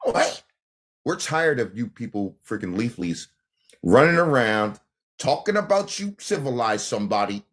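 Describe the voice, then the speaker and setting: Brash guy ranting on his livestream, slangy, pitch jumping all over. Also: very animated, moderate pace, fairly bright tone. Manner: brash, slangy, laughing often. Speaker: livestream host. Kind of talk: casual livestream rant.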